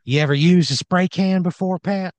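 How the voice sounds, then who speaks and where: A man's voice: sits high, normal speed, darkish tone, no echo, pitched above the performer's own voice, lightly acted. A man voicing a brash, macho mechanic hero with a bold, showy manner. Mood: heroic.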